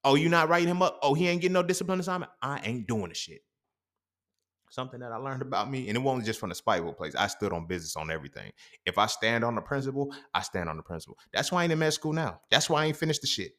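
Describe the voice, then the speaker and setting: A young man hosting a podcast, telling a personal story in a profane, animated, slangy monologue. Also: fairly low pitch, quick pace. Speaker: podcast host.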